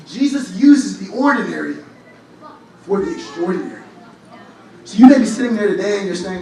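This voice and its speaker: A young man preaching a lively sermon, telling stories with humor and rising to shouts at times. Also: high-pitched, normal speed, gravelly, pauses often. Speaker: church speaker. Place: large church hall. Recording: echoey hall, from far off, faint noise.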